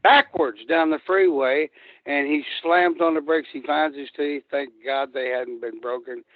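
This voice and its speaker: A man's voice: a little high, fairly even intonation, measured pace, no echo. An older man calling into a show, telling rambling, profane road stories. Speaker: guest wrestler. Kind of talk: storytelling on a phone-in. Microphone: phone. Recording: tinny phone line.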